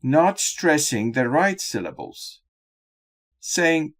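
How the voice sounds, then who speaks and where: A man narrating a scripted lesson on exam speaking skills in a measured, instructional way. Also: medium pitch, big pitch swings. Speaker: exam-prep teacher.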